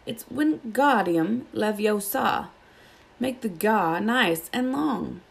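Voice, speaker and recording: A woman voicing a bossy know-it-all eleven-year-old schoolgirl, speaking slowly and precisely in a storybook reading. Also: mid-range voice, huge pitch swings. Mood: prim. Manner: slow, precise, correcting.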